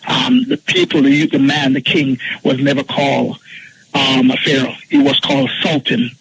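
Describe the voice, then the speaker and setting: A man calling in to a radio show, confidently lecturing and pausing on many ums. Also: mid-range voice, expressive, creaky, a bit bright, slight background noise. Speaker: caller. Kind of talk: call-in lecture. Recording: dull lo-fi phone line.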